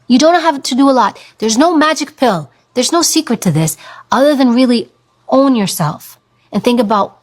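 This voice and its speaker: A woman in her thirties giving an earnest motivational talk about owning your voice, slowing down to stress her points. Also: fairly high pitch, lively intonation. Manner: earnest, coaching, stretches words for emphasis. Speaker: speaker on confidence and voice.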